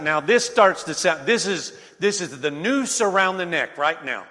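High-voiced preacher man in a reverberant hall. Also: moderate pace, few pauses. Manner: animated, building to shouts, folksy asides. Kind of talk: sermon reading and expounding scripture.

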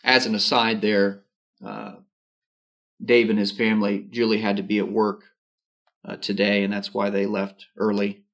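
A man's voice: lowish voice, flat delivery, moderate pace, vocal fry, pauses often, fairly bright tone, muffled recording. A man preaching a sermon, reading scripture aloud and adding informal asides. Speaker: pastor.

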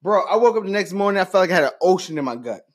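Husky laid-back young man. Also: sits high, animated, very fast. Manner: laid-back storytelling with restarts. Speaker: podcast guest. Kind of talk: casual chat.

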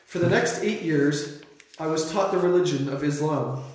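A young man earnestly reading his own short story aloud, lifting his voice sharply for shouted lines. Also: fairly high pitch, normal speed, slight background noise. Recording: very echoey room.

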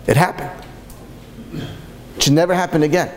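A man's voice: a little high, steady tone, moderate pace, slight background noise. A man giving a storytelling sermon as a Torah speaker, impassioned and full of repeated rhetorical questions.

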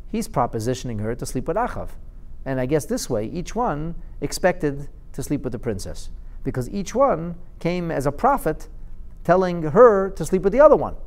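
Animated male Talmud teacher. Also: fairly high pitch, normal speed. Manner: lively, wry, mixes Aramaic quotes with English. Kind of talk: animated Talmud lesson storytelling.

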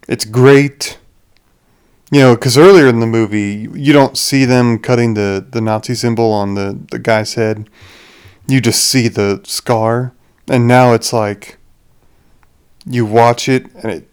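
A young man rambles through a casual movie review as a podcast host, doubling back and restarting his sentences. His voice is smooth and clear, and he takes his time, speaking slowly at a mid pitch. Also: a little mellow.

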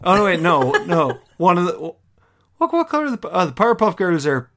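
A slightly high-voiced man talks through an episode in a loose, chatty way, stopping and restarting often and laughing as he goes. He sounds like a podcast co-host reacting to a show for the first time. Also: big pitch swings, normal speed, fairly bright tone. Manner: chatty and hesitant, lots of fillers, laughs as he talks. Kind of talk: casual chat, recapping an episode.

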